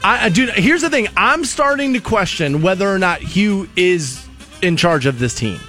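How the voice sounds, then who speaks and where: A man's voice: sits high, lively intonation, moderate pace, sharp tone, soft background music. A man hosting a sports talk show, making opinionated arguments and repeating his points for emphasis. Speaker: radio sports show host.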